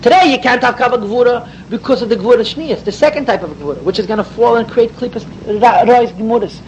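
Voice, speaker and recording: A man's voice: extremely high pitch, fast, slight background noise, rough recording. A man giving an emphatic Torah class, explaining mystical ideas and mixing in Hebrew and Yiddish terms. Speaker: rabbi teaching Torah.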